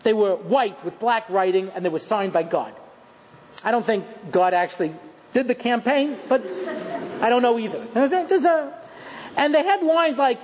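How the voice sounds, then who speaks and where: High-voiced man lecturing in a reverberant hall. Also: moderate pace. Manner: animated and self-mocking, acts out scenes. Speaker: rabbi giving a lecture. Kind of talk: humorous storytelling lecture. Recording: long hall reverb, faint background noise.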